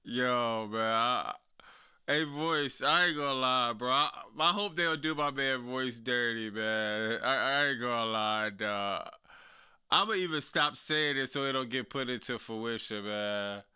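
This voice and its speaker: A young man casually reacting to wrestling news, slangy and animated, laughing often. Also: mid-range voice, a little slow, clean tone. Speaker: wrestling commentary streamer.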